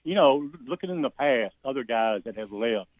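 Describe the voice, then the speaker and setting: A man's voice: mid-range voice, lively intonation, moderate pace, dry recording. A man calling in to a sports talk show, giving folksy, emphatic opinions. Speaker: caller. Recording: tinny phone line.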